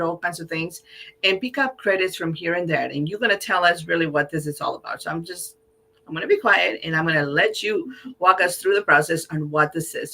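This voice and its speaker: A woman's voice: on the low side, bright, forceful tone. A woman hosting an interview in an enthusiastic, encouraging way. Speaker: host.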